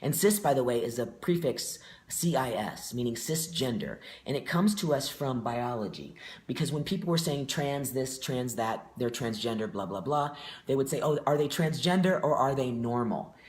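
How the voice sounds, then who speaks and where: A man's voice: mid-range voice, expressive, moderate pace, darkish tone. Earnest man talking in an echoey room. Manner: reflective and earnest, with frequent fillers. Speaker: guest. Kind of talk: casual conversation.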